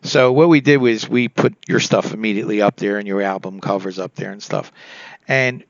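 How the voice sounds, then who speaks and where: Male host, eager promotional chatter, raspy fry, dry close recording. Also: on the low side, dry recording, lo-fi sound. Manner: eager, promotional, halting restarts. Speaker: show host. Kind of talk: casual interview chat.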